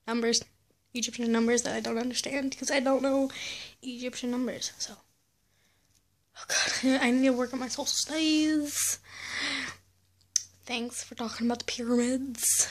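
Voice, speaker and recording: A young teenage girl vlogs casually into a close webcam or phone, her voice sitting a little high. She rambles along and pokes fun at herself, and her talk is full of fillers and restarts. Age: teens. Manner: rambling, self-deprecating, lots of fillers. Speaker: vlogger. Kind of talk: casual chat to camera.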